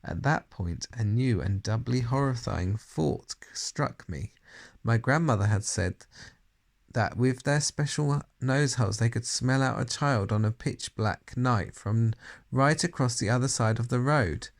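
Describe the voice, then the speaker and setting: A man reads a children's novel aloud, narrating in the first person. His mid-range voice has a gravelly, creaky texture, and he leans on key words for effect. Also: medium pitch, unhurried. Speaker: audiobook reader.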